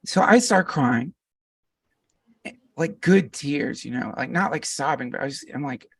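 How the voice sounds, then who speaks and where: A man who is a podcast guest, telling a long story in a rambling, animated way with lots of fillers. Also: mid-range voice, unhurried, gravelly, breathy edge, no room sound, recorded from a distance. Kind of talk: casual storytelling conversation.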